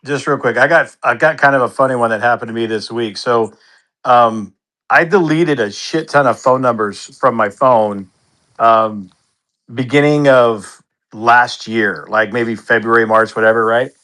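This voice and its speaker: Brief: man, mid pitch, bright tone, relaxed sweary storyteller. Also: a little slow. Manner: laid-back anecdote teller who swears freely. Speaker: participant in an online chat. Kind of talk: casual chat.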